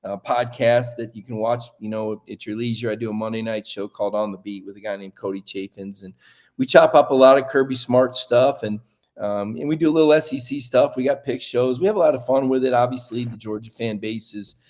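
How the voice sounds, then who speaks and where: Man in his fifties, sportswriter guest, mid-range voice, relaxed, casual sports chat. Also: medium pitch, fairly quick. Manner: relaxed, thinks aloud with frequent restarts.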